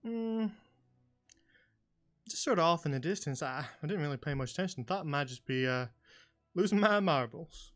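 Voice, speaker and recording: A man's voice: a little high, animated, normal speed, long pauses, a bit bright, voice pushed up. A man performs a folksy middle-aged innkeeper who drawls in a Southern accent. He talks around questions, hesitant and rambling, his voice lifted noticeably above its usual register, with faint music underneath. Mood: evasive folksy. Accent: Southern US, put on.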